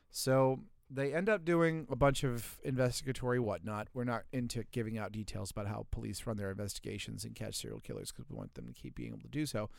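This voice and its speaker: A man from the US Deep South with a Southern accent, co-hosting a podcast and telling a story in a profane, joking way. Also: creaky, smooth, dry recording, studio quality. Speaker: podcast co-host. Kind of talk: casual podcast banter.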